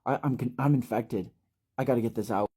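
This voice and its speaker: A man's voice: medium pitch, fairly quick, dark tone, husky, lightly acted. A man voicing a panicky, irritable teenage boy who stammers and snaps, in a storytelling recap. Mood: agitated. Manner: agitated, jittery, stammering.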